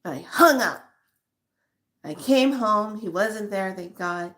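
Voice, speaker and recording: A middle-aged woman vlogger telling a personal story to her viewers in an animated, emotional way. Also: medium pitch, takes it slowly. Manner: emotional, animated retelling with acted quotes. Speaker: spiritual vlogger.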